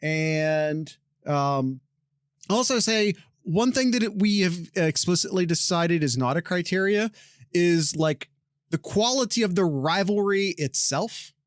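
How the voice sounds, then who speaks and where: A man co-hosting a podcast with a slightly high voice, full of jokes and playful teasing. He often talks over his partner. The sound is dry and close on a desk microphone. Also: lively intonation, unhurried, no room sound. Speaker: podcast co-host. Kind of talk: casual podcast banter. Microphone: desk microphone with noise gate.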